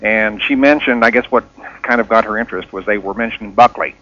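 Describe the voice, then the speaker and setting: A man's voice: on the low side, fast, fairly bright tone. A man calling in to a radio talk show, talking hesitantly with frequent fillers. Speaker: caller. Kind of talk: call-in radio chat. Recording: dull lo-fi radio call.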